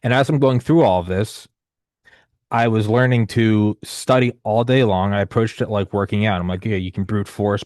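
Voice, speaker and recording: A man's voice: on the low side, darkish tone, dry recording, studio quality. A man in his thirties telling a long personal story in casual conversation, rambling and profane with many restarts and fillers. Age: 30s.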